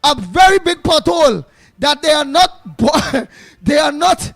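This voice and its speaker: A man doing a shouting, ranting border patroller. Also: extremely high pitch, sing-song, a little slow, heavily acted. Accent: Trinidadian.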